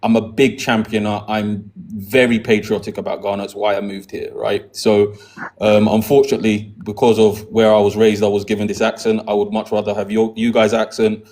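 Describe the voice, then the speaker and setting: A man raised in the UK with a British accent, answering calmly and conciliatorily in a debate, often stumbling over repeated words as he starts. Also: fairly low pitch. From United Kingdom. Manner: measured, conciliatory, stammers on restarts. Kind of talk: conversational debate.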